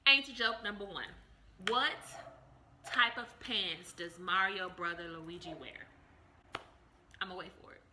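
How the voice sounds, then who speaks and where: Bright, playful woman in her thirties. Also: medium pitch, measured pace, long pauses, slight background noise. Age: 30s. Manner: playful, over-the-top, self-described extra. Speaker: vlogger. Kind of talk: casual chat to camera.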